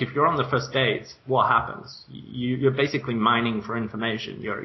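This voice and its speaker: On a conversational business podcast, a male co-host with a mid-range voice explains ideas enthusiastically and talkatively, laughing lightly now and then. The recording sounds muffled.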